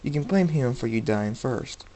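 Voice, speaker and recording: A man's voice: medium pitch, expressive, normal speed, warm tone, natural voice, low-quality recording. A man reading a story aloud, voicing a cruel, cocky armed gunman who taunts and boasts. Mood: taunting.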